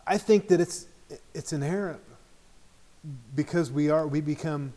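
A man's voice: on the high side, measured pace, warm tone. A middle-aged man teaching an informal Bible study in a conversational way, often checking in with the group.

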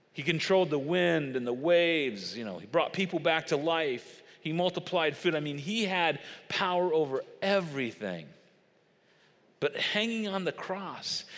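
Dramatic preacher in a reverberant hall. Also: male voice, a little high. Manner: dramatic, swings from loud emphasis to hushed slow delivery. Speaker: pastor. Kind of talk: sermon.

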